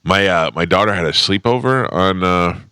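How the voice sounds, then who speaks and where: A man's voice: low voice, moderate pace, smooth, no echo. A man hosting a morning radio show in a studio, telling stories in casual banter and acting out the quotes. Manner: animated storyteller, acts out quotes in funny voices. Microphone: studio microphone.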